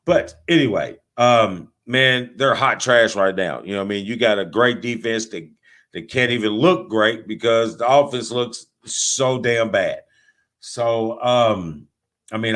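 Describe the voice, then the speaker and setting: Male sports podcast host, lowish voice, casual joking delivery with trash talk. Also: fairly bright tone. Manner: loose, joking, trash-talking.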